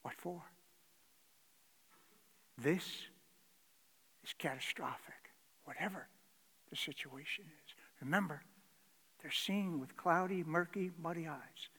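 High bright-voiced preacher in a reverberant hall. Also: male voice, takes it slowly, pauses often, slightly rough. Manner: dramatic swings from loud to hushed whisper. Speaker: pastor. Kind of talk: sermon.

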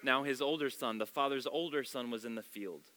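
Male pastor, sermon, expressive storytelling, bright forceful tone, long church hall reverb. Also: medium pitch, fairly quick. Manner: expressive storytelling, shifting loud and soft.

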